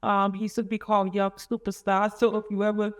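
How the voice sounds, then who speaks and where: A middle-aged woman in an interview, recounting a painful family story in a halting, emotional way with many restarts. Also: medium pitch, little pitch movement. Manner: emotional, rising and falling with feeling. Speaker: interviewee, mother of a convicted son. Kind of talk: emotional personal account in an interview.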